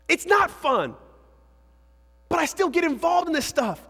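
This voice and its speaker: A man preaching a lively sermon to young people as a youth pastor, swinging between shouts and hushed asides. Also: extremely high pitch, measured pace, creaky, long pauses. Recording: hall reverb.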